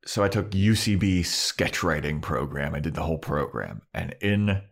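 Male podcast co-host, low and lively, casual recap, playful character bits. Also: normal speed, gravelly. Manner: animated storytelling, acts out characters' lines in funny voices. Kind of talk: casual chat recapping an episode.

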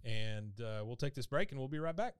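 A man's voice: mid-range voice, lively intonation, clean tone, dry recording. Playful man recapping a cartoon. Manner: playful, acts out character lines in quick bursts. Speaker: podcast co-host. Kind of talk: casual chat recapping a cartoon episode.

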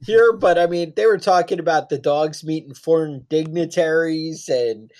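A man's voice: a little high, moderate pace, darkish tone. A man co-hosting a podcast, talking casually in rambling, joking asides. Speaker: podcast co-host.

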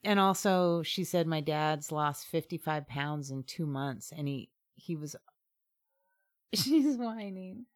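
A woman's voice: low-pitched, fairly even intonation, measured pace, few pauses. A woman from Southeast Alaska, co-hosting a casual chat podcast, talking chattily and laughing often. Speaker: podcast co-host.

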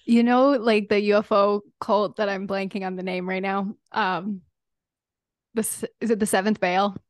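A woman hosting a casual podcast, animated and a little rambling as she tells a story. Her voice sits at a middle pitch, and the recording is dry with no room sound. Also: normal speed, no room sound. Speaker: podcast host.

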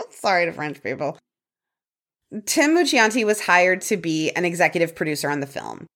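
A woman's voice: fairly low pitch, animated, moderate pace, a bit bright. A woman co-hosting a podcast, casually telling a true crime story from her notes with fillers and light laughter. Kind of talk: casual chat reading prepared notes.

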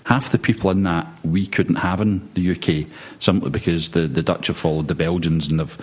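Low, husky male pundit, measured and meandering. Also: steady tone, darkish tone. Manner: measured, rambling, many hesitations. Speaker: podcast guest pundit. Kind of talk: casual football chat.

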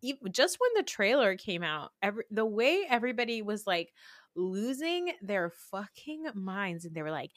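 A woman's voice: medium pitch, big pitch swings, normal speed, no echo. Woman podcast host, casual, giggly, drops swears, close dry sound. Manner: laughs often, swears casually. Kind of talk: casual chat.

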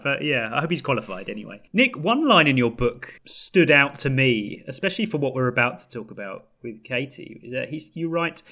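Lively bright-voiced man. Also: a little high, normal speed. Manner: laughs helplessly while reading a quote. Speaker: podcast host. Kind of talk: casual chat.

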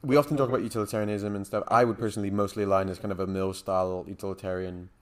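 A man co-hosts a casual discussion, reasoning out loud through moral questions. His voice sits fairly low, and he pads his points with fillers and qualifiers as he works them out. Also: level tone, racing. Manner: thoughtful, hedging, frequent "like" and "um". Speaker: podcast co-host.

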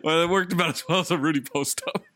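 A man co-hosting a sports podcast in casual chat, animated and getting loud when excited. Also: on the high side, fast. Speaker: podcast co-host.

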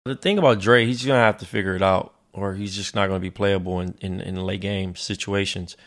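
Low gravelly male sports analyst. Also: steady tone, a little fast, a bit bright. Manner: laid-back, blunt opinions, many fillers. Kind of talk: casual sports talk.

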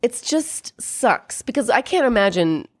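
A young woman casually recapping a film, chatting fast and acting out the characters' lines in quick bits. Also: on the high side, sing-song, no echo, studio quality. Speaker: podcast co-host.

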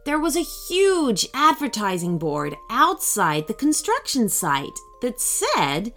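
A woman reads a children's story aloud at an unhurried pace. Her voice is animated and full of rise and fall, and she reads expressively. Faint music plays behind her. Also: mid-range voice.

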